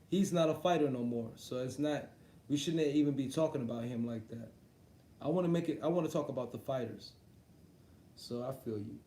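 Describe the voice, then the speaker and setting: A sports talk streamer hosts a casual boxing livestream, swearing freely, laughing a lot and addressing viewers directly. His voice is medium-pitched and dark, with a slight hiss or hum, and the room has a roomy echo.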